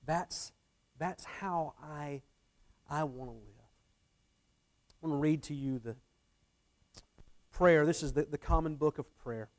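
A man's voice: fairly high pitch, slow, long pauses, darkish tone. Earnest man preaching a sermon. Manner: earnest, repeats phrases, varies emphasis. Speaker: pastor.

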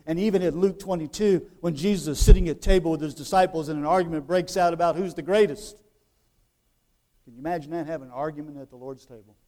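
A man preaching a sermon in a conversational way, tossing rhetorical questions at the congregation and swinging between quiet, drawn-out phrases and loud emphasis. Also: on the high side.

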